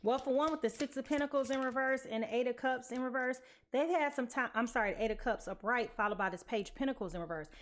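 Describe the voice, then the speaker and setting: A woman's voice: on the high side, quick pace, a little hiss or hum. A sleepy woman giving a casual tarot card reading, chatty and sassy, tossing in slang and pet names. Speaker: tarot reader.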